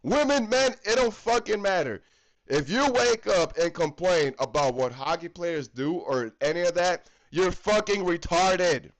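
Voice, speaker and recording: A man from the United States rants heatedly about hockey with constant swearing. His voice sits high for a man and swings widely up and down as he hammers his points home again and again. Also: lively intonation, unhurried, poor audio. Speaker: hockey fan vlogger. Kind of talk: profane ranting commentary.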